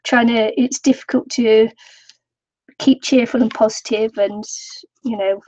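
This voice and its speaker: A woman's voice: fairly high pitch, steady tone, a little slow, pauses often, darkish tone, no room sound. An older woman chatting casually to viewers on a craft live stream, laughing often. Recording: dull lo-fi home recording.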